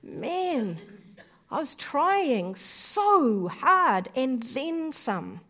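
Slow, earnest woman giving testimony. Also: high voice, sing-song, fairly bright tone. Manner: earnest and heartfelt, speaks in short halting phrases. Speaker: speaker. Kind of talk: personal faith testimony.

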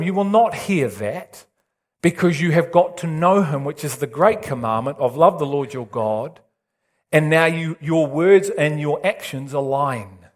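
A man preaching a sermon with urgent intensity and emphatic repetition. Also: on the high side.

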